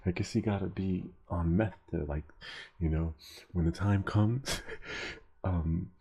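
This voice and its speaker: Male stream host, deep dark husky voice, casual rambling chatter over soldering work. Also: slow pace. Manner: rambling, chuckling storyteller. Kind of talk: casual chat while soldering.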